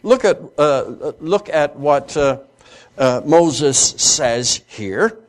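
A man giving a classroom Bible lecture, halting with fillers and restarts, reading scripture aloud slowly with emphasis. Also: fairly high pitch, expressive.

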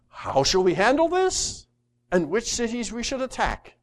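A man teaching a Bible study, reading scripture aloud and putting questions to his listeners. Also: very high voice. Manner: lively, asks the class questions, reads scripture aloud.

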